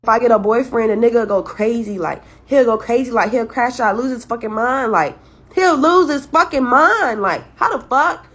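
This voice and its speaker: A woman's voice: on the high side, fairly quick, hardly any pauses, breathy edge. A young mother venting to camera about her child's father, exasperated and full of swearing. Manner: profane, exasperated. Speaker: clip subject, young mother.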